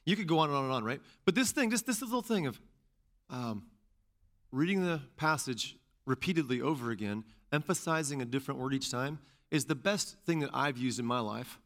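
A man preaching a sermon as pastor and teacher, repeating key phrases and rising to loud stresses. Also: medium pitch.

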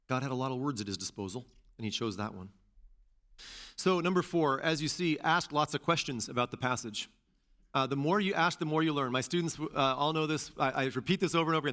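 A man preaching a sermon as pastor and teacher, repeating key phrases and rising to loud stresses. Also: medium pitch, lively intonation, fast talker.

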